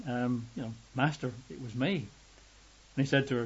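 Husky man preaching a sermon. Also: animated, normal speed, dull audio. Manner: conversational, acts out quoted voices with rising pitch. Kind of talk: sermon, reading and explaining scripture.

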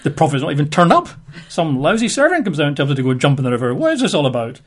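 A man's voice: on the high side, big pitch swings, rapid-fire, slightly rough. A man preaching a sermon, reading and retelling a Bible story with chuckles and chatty asides.

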